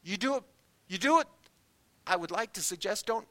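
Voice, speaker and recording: A middle-aged man delivers a sermon in a church, leaning on homespun anecdotes. His voice sits high and sounds bright and forward. He slips into other people's voices when retelling what they said. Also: normal speed. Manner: folksy anecdotes, animated quoted voices. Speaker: guest preacher. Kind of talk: sermon with storytelling.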